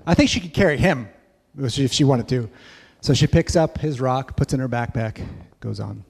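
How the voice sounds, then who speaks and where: Animated male storyteller in a reverberant hall. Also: medium pitch, brisk, creaky, slightly rough. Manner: animated storyteller, acts out kids' voices. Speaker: church speaker. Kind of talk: storytelling sermon.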